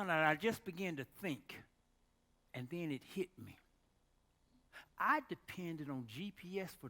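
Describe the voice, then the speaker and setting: Preaching in a large hall, this man tells a story-driven sermon in an animated way. His high voice swings between loud exclamations and near-whispers.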